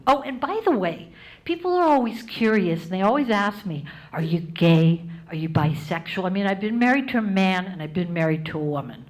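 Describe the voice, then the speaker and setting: Wry, animated woman comedian. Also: medium pitch. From United States. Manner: animated, wry, prone to tangents. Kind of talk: stand-up storytelling.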